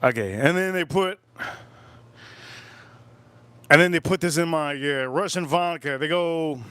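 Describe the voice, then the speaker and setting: A man's voice: a little high, expressive, moderate pace, a bit bright, clean tone, no echo. A man hosting a casual livestream while drinking, rambling, repeating himself, and cracking crude jokes. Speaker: livestream host.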